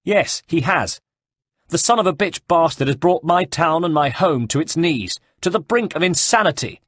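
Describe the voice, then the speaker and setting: A bitter young nobleman in exile, raised and indignant, spitting out his grievances, as a male reader puts him on. The voice is husky and recorded close and dry. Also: fairly high pitch, big pitch swings, moderate pace, no room sound, voice pushed up. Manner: indignant, ranting.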